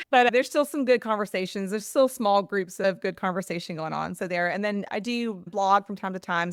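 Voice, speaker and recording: A woman's voice: mid-range voice, no room sound, clean studio sound. A woman from the American South with a Southern accent, chatting as a podcast guest and laughing easily. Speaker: literacy advocate, guest. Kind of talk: casual podcast chat.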